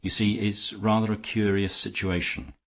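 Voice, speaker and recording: Mild, measured gentleman detective, low husky voice, played by a male narrator. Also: flat delivery. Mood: calm, mild. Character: calm, shrewd gentleman detective.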